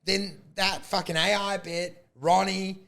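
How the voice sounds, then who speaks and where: A man, a comedian guest telling stories in casual podcast chat, animated, swearing and laughing often. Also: sits high, unhurried, creaky.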